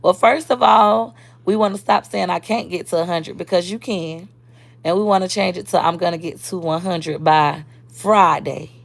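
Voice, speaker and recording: A woman's voice: fairly low pitch, normal speed, vocal fry. A woman, talking casually and bluntly on a live stream as a social media creator, answering viewer comments.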